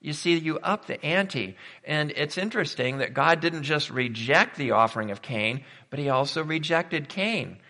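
A man's voice: a little high, lively intonation, normal speed, few pauses, pushed and bright, long reverb tail. A man preaching a sermon in a conversational way, thinking aloud and posing rhetorical questions.

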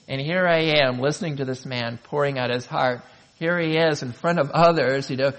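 A man's voice: mid-range voice, a bit bright, poor audio. Earnest man preaching a sermon. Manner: earnest storytelling with dramatic pauses, rising in emphasis. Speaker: pastor.

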